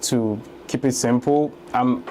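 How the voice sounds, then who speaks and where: Nigerian man with a warm, mellow voice. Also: mid-range voice, steady tone, slow pace, soft background music. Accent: Nigerian, from Lagos. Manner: laughs easily, conversational storytelling. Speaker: guest, real estate investor. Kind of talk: casual interview.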